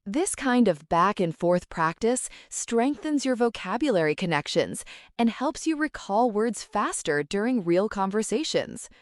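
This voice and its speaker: A woman gives a scripted English lesson, her pitch moving lively up and down. She says each model phrase slowly and with careful diction so learners can repeat it. The recording is close and dry, with no room sound. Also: dry recording. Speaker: English teacher. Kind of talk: scripted language lesson narration.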